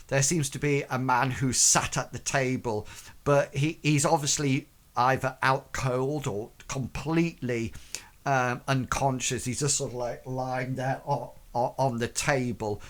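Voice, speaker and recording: A man narrating a tabletop game as game master, in a hesitant way with many pauses and fillers. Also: mid-range voice.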